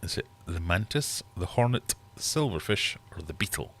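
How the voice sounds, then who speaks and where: A man hosts a quiz on a live stream from his fish room, chatty and ribbing the people watching. He has a low voice, animated but at a moderate pace, in casual live-stream talk.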